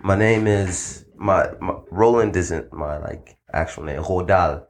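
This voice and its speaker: A man from the Democratic Republic of Congo, a podcast guest, soft-spoken and a little hesitant. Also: deep voice, slow pace, crowd noise. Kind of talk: casual chat.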